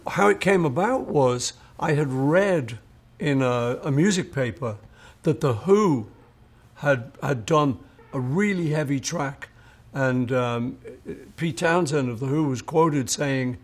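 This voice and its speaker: Taking it slowly, an older man with a mid-range voice and lively intonation tells stories in an interview. As a songwriter recalling his songs, he's anecdotal and plays out the words of the people he quotes.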